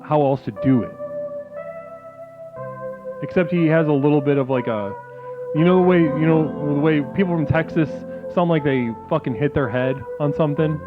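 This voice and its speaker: A man's voice: fairly high pitch, moderate pace. A man hosting an improvised comedy call-in stream, rambling and swearing, often restarting his sentences. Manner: rambling, profane, full of restarts. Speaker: call-in show host. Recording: tinny phone-like sound with music behind.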